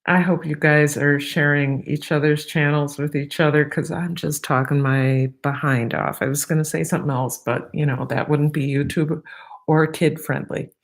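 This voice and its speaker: A woman's voice: deep voice, steady tone, normal speed. A middle-aged woman hosting a casual livestream, rambling nervously and goofily while fighting allergies. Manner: chatty, goofy, nervous rambling. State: allergies, sniffly. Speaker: YouTube livestream host. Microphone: laptop microphone.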